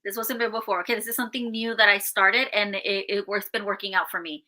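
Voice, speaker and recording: A woman's voice: mid-range voice, fairly even intonation, fast talker, sharp tone, rough recording. A woman co-hosting a casual podcast, earnest and upbeat, often laughing as she shares personal tips. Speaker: podcast co-host.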